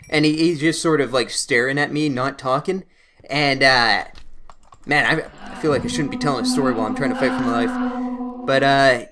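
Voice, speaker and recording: A young Canadian man who hosts a gaming channel tells a rambling, self-mocking story while he plays, stumbling through fillers and restarts. His mid-range voice moves at normal speed over some background noise.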